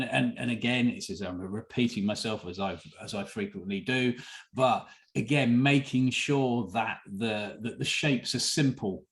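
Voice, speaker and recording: A man's voice: mid-range voice, echoey room. A man hosting a casual photography chat on a video call, talking in loose, rambling sentences with many restarts. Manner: rambling, with frequent restarts and trailing off. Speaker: host of an online photography chat.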